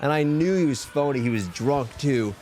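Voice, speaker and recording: A young man streaming live, telling a story casually, animated and full of profanity. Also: mid-range voice, moderate pace, a loud crowd. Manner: profane, animated, heated retelling.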